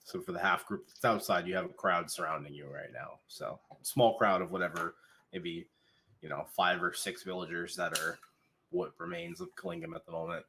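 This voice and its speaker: A man runs a tabletop game as dungeon master, narrating loosely with many pauses and fillers. His pitch moves around a lot and sounds lively. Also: gravelly, slight background noise. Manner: relaxed, hesitant, lots of fillers.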